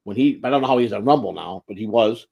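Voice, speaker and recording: A man's voice: on the low side, fast talker, gravelly, lo-fi sound, a crowd in the background. A man hosting a casual livestream, rambling and blunt, swearing freely and restarting his sentences. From United States. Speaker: livestream host.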